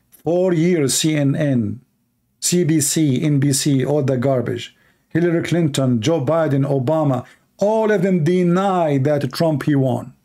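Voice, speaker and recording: A man's voice: on the high side, measured pace, dark tone. A man from the Middle East with an Arabic accent, preaching an emphatic sermon in short, repeated lines. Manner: emphatic, repetitive exhortation with short punchy lines. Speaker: Christian preacher. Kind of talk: fiery political sermon.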